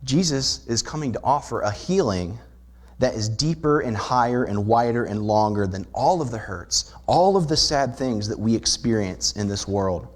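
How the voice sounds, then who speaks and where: A man's voice: mid-range voice, expressive, moderate pace. Man preaching an earnest sermon. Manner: earnest, explanatory preaching with rhetorical questions. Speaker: pastor. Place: church sanctuary.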